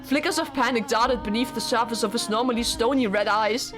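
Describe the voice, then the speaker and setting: Brief: woman reading a gentle, devoted young heroine, slightly high voice, faint music underneath. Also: a little fast, natural voice. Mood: hushed. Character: gentle, devoted young woman narrating her love story. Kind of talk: reading visual novel text aloud.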